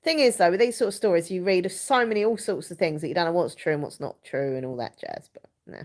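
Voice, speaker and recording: A woman's voice: fairly low pitch, fast. A young woman hosting a casual live chat from home, rambling and giggling as she reads viewers' comments. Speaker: live stream host.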